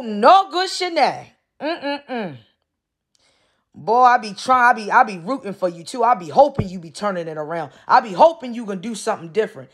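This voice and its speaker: A woman's voice: a little high, a bit bright. A woman giving casual ranting commentary as a vlog commentator, blunt, profane and scolding, repeating her points for emphasis.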